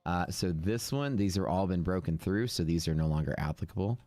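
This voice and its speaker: A man's voice: sits low, animated, brisk, dark tone, no room sound, soft background music. A man live-streaming his trading screen, casually thinking aloud with fillers and restarts. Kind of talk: live screen-share commentary.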